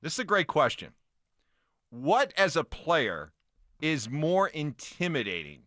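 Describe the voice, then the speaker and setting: A middle-aged former lineman co-hosting sports radio, his voice bright and forceful. His pitch leaps all over the place as he presses his points, and the studio sound is close and dry. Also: no echo. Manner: animated, emphatic, quick to laugh. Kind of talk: morning sports talk radio.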